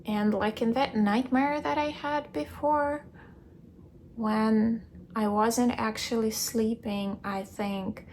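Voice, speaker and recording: A young woman keeping a video diary, recounting a dream in a hesitant way, searching for words and filling pauses with "like". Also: fairly high pitch, fairly even intonation, darkish tone, a little hiss or hum. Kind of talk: casual personal storytelling.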